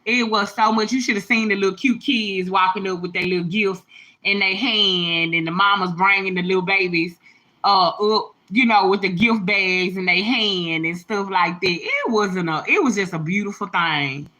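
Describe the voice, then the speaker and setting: A woman hosting a casual livestream, talking straight to her viewers. Her bright, forceful voice is emphatic and slangy. She sounds a little teary as she speaks from the heart. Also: mid-range voice, normal speed. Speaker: livestream host, mother.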